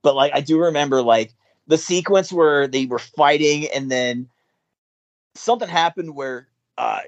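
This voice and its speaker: Man guest, casual chat, animated storyteller who laughs and swears freely, dry close sound. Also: on the high side, a little slow, no room sound, lo-fi sound.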